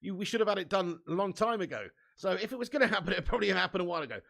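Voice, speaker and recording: Chatty, high-voiced, gravelly male streamer. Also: animated, rapid-fire, a bit bright. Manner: chatty, laughs often, swears, reads viewer comments aloud. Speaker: fan channel live-stream host. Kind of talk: casual live-stream chat.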